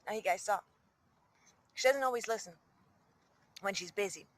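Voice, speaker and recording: A woman's voice: medium pitch, normal speed. A woman filming on her phone outdoors, chatting in doting baby talk to her pet goose and to her viewers. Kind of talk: casual chat. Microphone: handheld phone.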